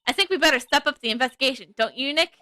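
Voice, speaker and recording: A cheerful young spirit medium, read by a woman with a high, bright voice. She is eager and chatty, over faint game music. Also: racing, no echo.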